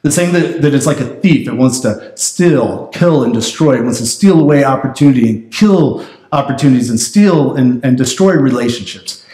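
A man pastor preaching a sermon in a conversational, animated way. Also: mid-range voice, normal speed, reverberant. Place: church sanctuary.

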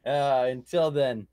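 A man's voice: mid-range voice, a little mellow. Wisecracking man on a podcast stream. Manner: teasing, crude wisecracks. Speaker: podcast co-host. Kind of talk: casual stream chat.

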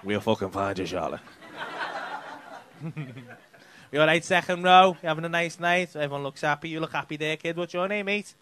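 A man's voice: fairly high pitch, steady tone, fairly quick, pushed and bright. A male stand-up comedian doing crowd work, teasing people in the audience with sweary banter. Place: comedy club stage.

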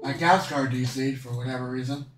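A man's voice: medium pitch, fairly even intonation, fairly quick. A man streaming live, chatting casually in a tired, rambling way and stumbling over his words.

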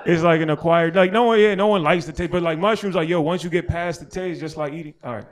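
Young man, American, stand-up comic, slangy, laughs at own jokes, slightly high voice, live crowd laughing. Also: quick pace. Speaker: stand-up comedian and host. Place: small outdoor alley show with an audience.

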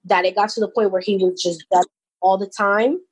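A woman's voice: mid-range voice, steady tone, brisk, husky, poor audio. A young woman recounting a personal experience, rambling and restarting as she tells it. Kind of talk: personal storytelling.

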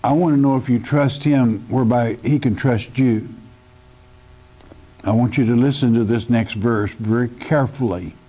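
A man's voice: mid-range voice, normal speed, dark tone. A man teaching the Bible verse by verse in a sermon, speaking emphatically and addressing the listener directly as a friend. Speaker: pastor.

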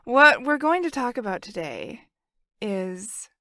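A woman co-hosts a relaxed podcast with a bright, fairly high voice. She chats in an upbeat, friendly way and laughs easily. The sound is close and dry. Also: takes it slowly, no echo. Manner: chatty, laughs often, upbeat. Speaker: podcast co-host. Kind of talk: casual chat.

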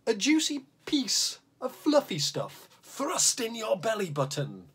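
Playful, animated man. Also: slow pace, slightly rough. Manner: lively and playful, swooping pitch. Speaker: children's drawing show host. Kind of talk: reading a comic poem aloud, then chatty drawing lesson.

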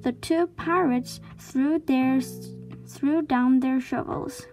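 Woman reading a children's book slowly. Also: sits high, fairly even intonation, darkish tone, faint music behind. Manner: slow, clear storytelling. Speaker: reader.

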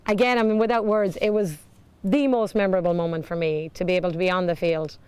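Woman in an interview, low smooth voice, earnest and heartfelt. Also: fairly even intonation, quick pace, darkish tone, no room sound. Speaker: team member.

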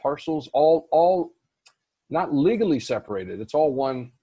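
A man's voice: fairly high pitch, expressive, measured pace, warm tone, breathy edge, no room sound, muffled recording. A man, a guest on an interview, telling a long story casually with many restarts and fillers. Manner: rambling with frequent restarts and fillers. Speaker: guest real estate investor.

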